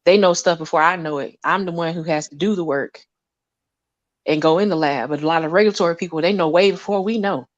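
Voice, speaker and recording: A woman scientist talking casually about her lab work, animated and often laughing as she acts out conversations. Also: lowish voice, fast, no echo, lo-fi sound.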